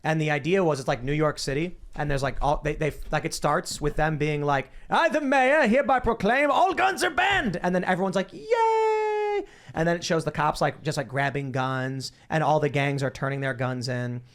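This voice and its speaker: A man co-hosting a casual chat, telling a story in an excitable, animated, halting way. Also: on the high side.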